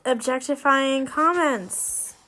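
A woman's voice: high voice, slow pace, pushed and bright. A young woman co-hosting a podcast in casual chat, wry and bossy as she retells a plot. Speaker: podcast co-host.

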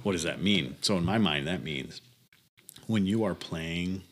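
A man's voice: low-pitched, unhurried. A young man co-hosting a podcast in laid-back casual chat, laughing often and trailing into fillers. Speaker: podcast co-host.

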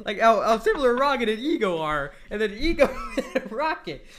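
A man's voice: extremely high pitch, big pitch swings, a little fast, a bit bright. A man co-hosting a casual podcast, complaining about a film, laughing often and tripping over his words. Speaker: podcast co-host. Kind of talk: casual chat, film review.

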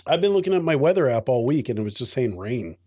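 A laid-back man at middle pitch co-hosts a casual podcast, slipping dry jokes between hesitant fillers. His voice is close-miked and dry. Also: big pitch swings, fast talker, warm tone, slightly rough, dry recording. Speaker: podcast co-host. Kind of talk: casual chat over beer.

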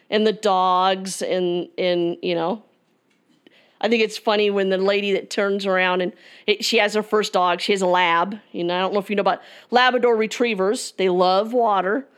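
A woman's voice: mid-range voice, steady tone, moderate pace, smooth. A woman co-hosting a casual chat, rambling through anecdotes and jokes. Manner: rambling storyteller, tells jokes.

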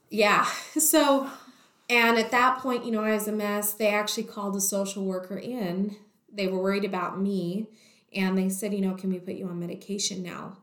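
Young woman recounting a story, chatty, lots of "like", a bit of room echo. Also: mid-range voice. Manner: talkative, acts out quoted voices, many "like" fillers. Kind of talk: personal storytelling.

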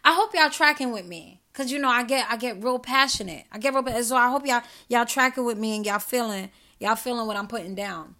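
Fiery, gravelly-voiced woman podcaster. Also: a little high, fairly quick, few pauses, pushed and bright. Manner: emphatic, profane, preachy, addresses listeners directly. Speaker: podcast host. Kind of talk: passionate solo podcast monologue.

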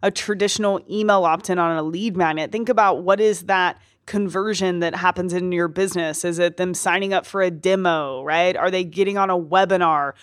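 A woman's voice: fairly low pitch, steady tone, brisk, few pauses, no room sound, clean studio sound. A woman co-hosting a marketing podcast, asking questions in an upbeat way. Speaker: podcast co-host. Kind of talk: casual podcast chat.

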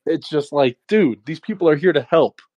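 A man's voice: fairly high pitch, lively intonation, moderate pace, darkish tone, dull audio. Emphatic man chiming in on a podcast. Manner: emphatic, interjecting, swears. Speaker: podcast co-host. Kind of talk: casual chat.

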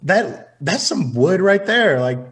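A young man from the American South chats as a podcast guest. His delivery is goofy and self-deprecating, with a lively, swooping pitch. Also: slow. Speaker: guest, music producer. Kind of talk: casual podcast chat.

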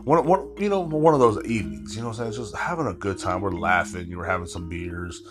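A man in his thirties with a very low voice tells a story on his podcast. He rambles loosely, stacking swear words and "you know what I'm saying" asides. He sounds tired. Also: animated, a little fast, over loud music. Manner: rambling, heavy swearing, frequent filler asides. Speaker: podcast host. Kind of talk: casual storytelling monologue.

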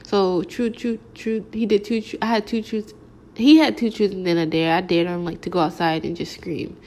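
A woman's voice: medium pitch, fairly even intonation, moderate pace, darkish tone. A young adult woman telling a casual storytime, rambling along with slangy filler words. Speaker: vlogger.

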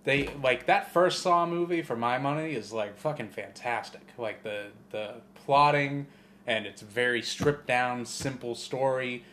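Guy cohosting a movie podcast, swears a lot, rambles, gets animated, faint hiss. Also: medium pitch, a little slow. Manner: profane, rambling, animated storytelling. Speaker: podcast co-host. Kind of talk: casual chat.

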